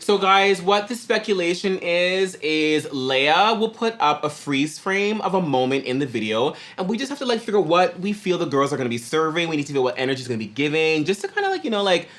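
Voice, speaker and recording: A man in a pop group hosting a reaction video, chatting casually in a slangy, animated way. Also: a little high, fairly quick, hardly any pauses. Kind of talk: casual chat.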